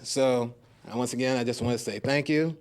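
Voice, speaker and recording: A man's voice: medium pitch, fairly even intonation, a little fast, heavy background noise. A man doing his first stand-up set on a club stage, nervous and rambling with fillers, into a handheld mic. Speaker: stand-up comedian.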